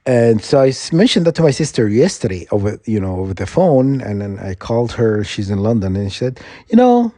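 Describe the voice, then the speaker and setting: A man's voice: on the low side, a little fast, few pauses, mellow, dry recording, studio quality. A middle-aged man vlogging, telling a long story in a meandering, self-correcting way, getting indignant and laughing at his own tale. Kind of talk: rambling casual storytelling.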